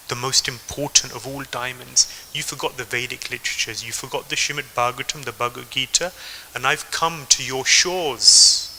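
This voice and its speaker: An English man quoting a calm, fearless elderly teacher with a firm, measured delivery. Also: mid-range voice, a little hiss or hum, rough recording.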